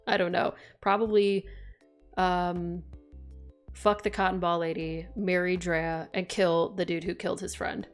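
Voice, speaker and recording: Young woman streamer reading a game out loud, chatty and sweary, kinda low voice, faint music underneath. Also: unhurried. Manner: chatty, expressive, swears casually. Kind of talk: live-streamed game playthrough, reading aloud.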